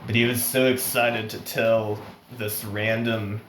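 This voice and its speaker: A man's voice: on the low side, level tone, a little slow, a bit bright, a little hiss or hum. A man telling a story in a casual, rambling way. He chuckles often and restarts his sentences, and his nose is running. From United States. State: runny nose. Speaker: vlogger. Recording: roomy echo.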